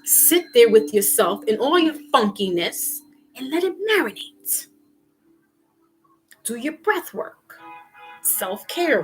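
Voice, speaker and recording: A woman vlogger with a fairly high voice gives a casual spiritual pep talk, animated and slangy, acting out little quoted exchanges.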